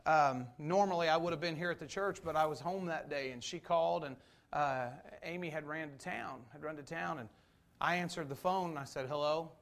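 A man's voice: on the high side, fairly bright tone. A man in his forties, a pastor, preaching a sermon in a church, earnest and full of rhetorical questions.

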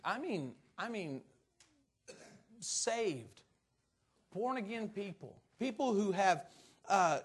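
A man preaching a conversational sermon to his congregation, earnest and halting, often restarting his sentences. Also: high voice.

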